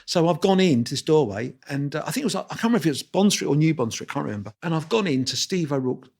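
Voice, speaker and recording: Guy in his 60s spinning stories, talks super fast, laughs at himself, does all the voices. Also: a little high, vocal fry. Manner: lively anecdotal storyteller, acts out dialogue; self-deprecating, laughs while talking. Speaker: guest photographer. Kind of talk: storytelling interview.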